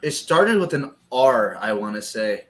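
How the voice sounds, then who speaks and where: Man, mid-pitched voice, podcast co-host, excitable, profane, laughs easily. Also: a little slow, a loud crowd. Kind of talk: casual chat.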